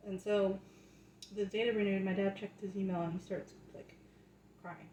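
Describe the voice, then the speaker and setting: At home, a young woman vlogger recounts her faith in chatty, casual terms that turn fervent and preachy, frequently tossing in "right?" Her mid-range voice is mellow, with fairly even intonation and a normal speed. There's room echo and faint background noise.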